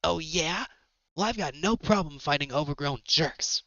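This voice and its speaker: A man's voice: fairly high pitch, moderate pace, pushed and bright, no room sound, highs cut off, pitched above the performer's own voice. A man voicing a brash, cocky young male dragon hero in a fan game. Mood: defiant. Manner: brash, taunting.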